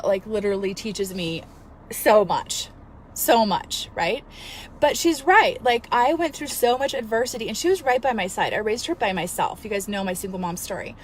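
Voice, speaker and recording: A woman in her thirties, a fitness coach, telling a story in an earnest, emotional, animated way and giving motivational advice. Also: mid-range voice, a little hiss or hum. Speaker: fitness coach and studio owner. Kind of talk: casual motivational vlog.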